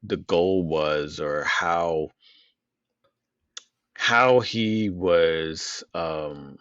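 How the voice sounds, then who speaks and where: A man co-hosting an unscripted podcast, talking in a halting, casual way, restarting often and cursing. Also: deep voice, no echo, lo-fi sound. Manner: halting, restarts often, stutters when surprised; cursing, relaxed. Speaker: podcast co-host.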